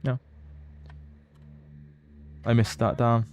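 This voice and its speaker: A man's voice: medium pitch, little pitch movement, extremely slow, darkish tone, dull audio. A Scottish man chatting casually with viewers while streaming a game, reading out their comments and often restarting his sentences. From Scotland. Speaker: livestreamer. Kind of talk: casual live gameplay chat.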